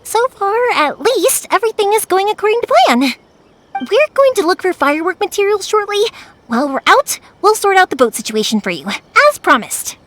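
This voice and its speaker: A woman voicing a lively young fireworks maker and caring daughter in a video game dub, energetic and patient. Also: extremely high pitch, fairly quick, exaggerated voice. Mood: warm. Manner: bright and energetic, patient with her father.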